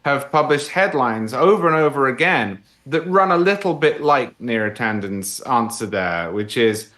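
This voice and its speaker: A man's voice: mid-range voice, animated, moderate pace, fairly bright tone. A man commenting as a guest on a political talk show, emphatic and articulate.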